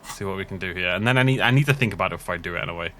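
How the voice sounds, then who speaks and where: A man's voice: low-pitched, racing, sharp tone. A man from the Isle of Man commenting casually on a game he is playing, rambling and thinking aloud. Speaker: let's play host.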